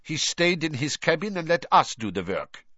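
A man doing a gruff, blunt young foreigner. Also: a little high, sing-song, moderate pace, sharp tone, dry recording, dull audio, pitched above the performer's own voice, full character voice. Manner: abrupt, curt phrasing.

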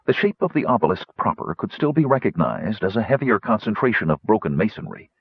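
A man narrating a fantasy audiobook in a dramatic, measured storytelling manner. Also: lowish voice, sing-song, slightly rough, dry recording. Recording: dull lo-fi dry recording.

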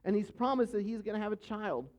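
A man's voice: high voice, animated, quick pace, darkish tone. A man preaching a sermon as pastor, teaching earnestly and emphatically and repeating his key points. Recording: dull, lo-fi sound.

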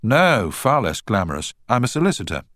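A man's voice: lowish voice, very animated, fairly quick, fairly bright tone, dry recording, voice pushed up. A man voicing a cool, witty young woman solicitor with curt, dry put-downs.

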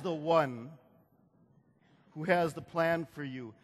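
A man's voice: on the high side, takes it slowly, pauses often. A man preaching a sermon who repeats phrases, builds to emphatic peaks, and calls for the congregation to answer. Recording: long hall reverb.

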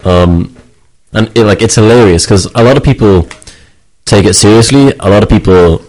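A man's voice: lowish voice, moderate pace, a little mellow, poor audio. A man chatting casually on a talk show, rambling and stammering as he restarts. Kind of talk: casual chat.

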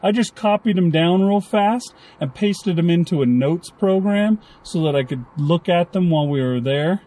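Man, casual podcast co-host, mellow, slightly high, rambling. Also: animated, moderate pace. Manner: chatty, rambling, acts out little quotes. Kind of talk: casual chat.

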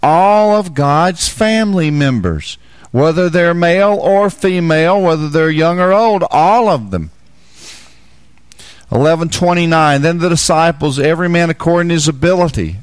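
A man's voice: on the high side, normal speed, smooth, no echo. A man preaching a Bible teaching sermon, repeating key phrases and asking the listeners questions.

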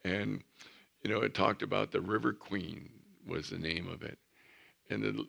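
Pastor guy preaching, deep voice with lots of gravel, earnest and emphatic. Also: steady tone, moderate pace, fairly bright tone. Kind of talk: sermon.

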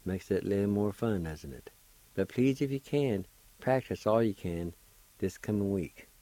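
A middle-aged man teaching a language lesson on radio, spelling and pronouncing words slowly and carefully, syllable by syllable. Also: fairly low pitch, lively intonation, mellow.

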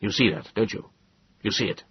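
A man voicing an earnest, persuasive middle-aged male government official in an audiobook, lecturing in a husky voice. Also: lowish voice, a little fast, slight background noise, lightly acted. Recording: dull lo-fi dry audiobook.

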